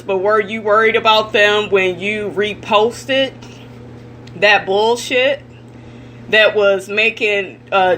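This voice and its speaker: Bright-voiced woman ranting blunt gossip. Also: mid-range voice, slight background noise. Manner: blunt, profane and indignant, addressing viewers directly. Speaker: celebrity gossip vlogger. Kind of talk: ranting commentary vlog.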